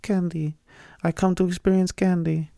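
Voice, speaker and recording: A man voicing a bumbling, candy-hungry male foreign exchange student in halting, broken English, as a comic bit in a podcast. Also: sits high, level tone, vocal fry, mellow, no echo, studio quality, voice pushed up. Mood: pleading.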